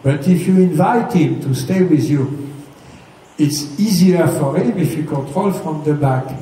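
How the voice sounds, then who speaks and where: A man's voice: fairly high pitch, warm tone. A man giving a hands-on riding lesson, patiently explaining step by step and checking for understanding. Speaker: riding instructor. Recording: echoey, distant mic with faint noise.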